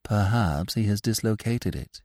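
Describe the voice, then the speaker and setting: A skeptical older woman, as a male narrator reads her, flat and matter-of-fact, slightly low and quiet. Close, dry sound. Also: a little slow, no echo.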